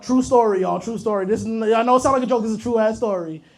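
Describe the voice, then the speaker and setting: A man's voice: high voice, fast talker, background noise. A young man performing a profane, rambling stand-up comedy set, telling stories straight to the crowd. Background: audience laughter.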